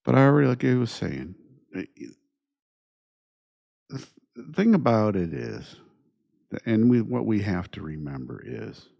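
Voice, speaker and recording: Low gravelly-voiced man musing slowly. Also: sing-song, dull audio. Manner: unhurried, repeats points with rhetorical questions. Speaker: podcast host. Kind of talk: reflective monologue.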